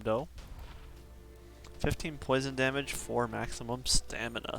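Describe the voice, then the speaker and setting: Guy streaming a game, bright voice, laid back and laughing a lot, some faint music behind. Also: medium pitch, takes it slowly, long pauses. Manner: relaxed, chuckles often, reads out viewer requests. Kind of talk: casual live-stream chat while gaming.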